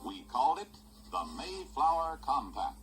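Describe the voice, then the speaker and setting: A man's voice: a little high, big pitch swings, normal speed. A man voicing a folksy old male mouse who narrates a cartoon special in a homespun storytelling way. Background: loud music score.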